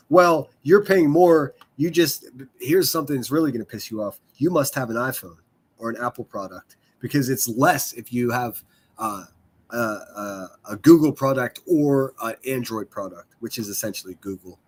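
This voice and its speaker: Husky, profane livestreaming man. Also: mid-range voice, moderate pace. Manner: profane, rambling, self-deprecating. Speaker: livestream host. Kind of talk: casual livestream chat.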